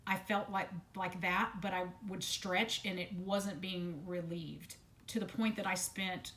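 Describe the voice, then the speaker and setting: Halting woman telling a hard story. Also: lowish voice, fairly even intonation, fairly bright tone, slight background noise. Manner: halting, many restarts and repeated words, blunt swearing. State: still detoxing from medication at filming. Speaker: vlogger sharing a personal story. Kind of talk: unscripted personal account to camera.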